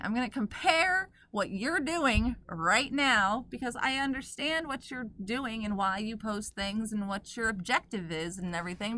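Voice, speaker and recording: A woman's voice: on the high side, bright, forceful tone. A woman co-hosting a podcast in casual chat, earnestly explaining her point and laughing along. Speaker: podcast co-host.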